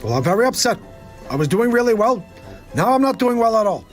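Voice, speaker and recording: A man's voice: sits high, very animated, brisk, faint music behind, pitched above the performer's own voice. A man doing a comedy impression of a rambling, confused elderly male politician who boasts without making sense, in a political sketch.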